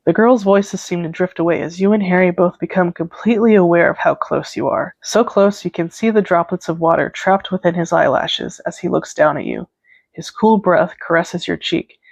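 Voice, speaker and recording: A woman in her twenties reading her own old fanfiction aloud, narrating evenly and dropping in quick asides. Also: on the low side, vocal fry, no room sound. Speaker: aspiring author and vlogger.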